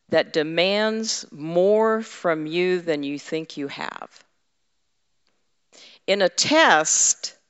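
Slow-paced woman preaching in an echoey hall. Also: fairly low pitch, fairly bright tone, smooth. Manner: humorous, candid, teasing the congregation. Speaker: women's ministry leader and preacher. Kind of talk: conversational sermon. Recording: echoey hall, slightly dull sound.

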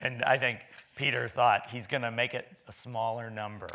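A man's voice: medium pitch, fairly even intonation, moderate pace, sharp tone. A man preaching a sermon in a church, talking in a folksy, conversational way with stammering restarts.

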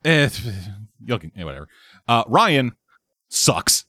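Casting: man, blunt and profane, lively pitch, dry close sound. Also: takes it slowly, dry recording. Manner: blunt, profane, animated critique. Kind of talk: casual chat.

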